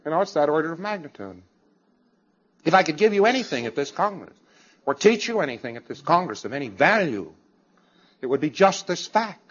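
A man's voice: a little high, very animated, fairly quick, pauses often, a bit bright, breathy edge, muffled recording. A man giving an emphatic lecture to a congress audience, with wry, sarcastic asides.

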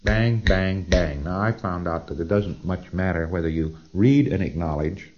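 A man's voice: low-pitched, moderate pace, darkish tone, lo-fi sound. A man giving a conversational, emphatic lecture with asides and rhetorical questions. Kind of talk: recorded lecture.

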